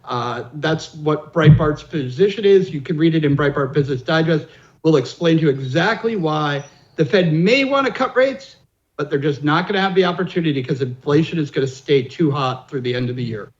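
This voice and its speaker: Brisk male guest on dull line. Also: fairly high pitch. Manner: brisk, promotional. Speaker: finance editor, guest. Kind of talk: radio interview.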